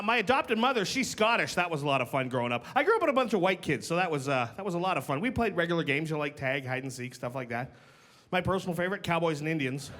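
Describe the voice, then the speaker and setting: A man's voice: on the high side, noisy background. Upbeat man doing stand-up on stage. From Canada. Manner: punchy, playful delivery with voiced impressions. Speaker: stand-up comedian. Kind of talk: stand-up comedy set. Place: comedy club stage with live audience. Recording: live club recording with audience laughter.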